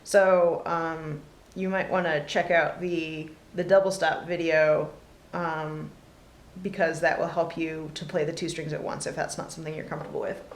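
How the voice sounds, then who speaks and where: A woman's voice: deep voice, normal speed. Woman teaching fiddle, roomy sound. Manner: relaxed, lots of ums, talks between demonstrations. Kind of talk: casual music lesson. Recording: roomy with loud fiddle playing. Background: fiddle playing.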